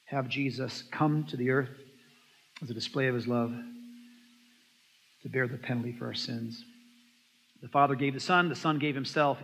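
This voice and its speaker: A man preaches from the pulpit with emphatic swings between loud and soft, slowing on his key lines. His voice is a bit higher than usual for a man, bright and forceful. A long reverb hangs behind him, as in a church sanctuary. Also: slightly rough. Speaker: pastor. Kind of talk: sermon. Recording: echoey hall with long reverb.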